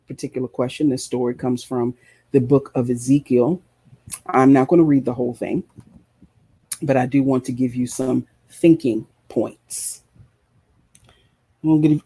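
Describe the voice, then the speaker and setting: Impassioned preacher, dull husky voice. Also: male voice, mid-range voice, normal speed, warm tone. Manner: impassioned, emphatic, repeats phrases. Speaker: preacher and show host. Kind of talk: sermon.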